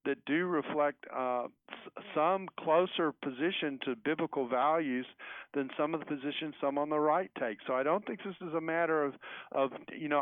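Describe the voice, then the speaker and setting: A man's voice: mid-range voice, dry recording. Man on a tinny phone line. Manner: measured, thoughtful, restarts phrases. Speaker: guest professor. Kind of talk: radio interview answer. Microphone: phone call.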